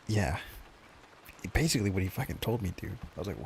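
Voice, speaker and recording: A man's voice: sits low, sing-song, fairly quick, creaky, pauses often, slight background noise. A male streamer in casual chat with viewers, ranting and joking in a profane, mock-grumpy way.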